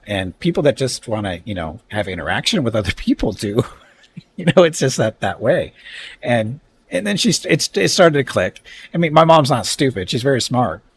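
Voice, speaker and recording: A man's voice: medium pitch, a little hiss or hum. A man chatting casually on his live stream, telling a rambling, conversational story.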